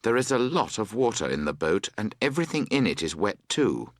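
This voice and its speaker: A man narrating a story for English learners in a slow, expressive reading. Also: lowish voice, dry recording, studio quality. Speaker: audiobook narrator.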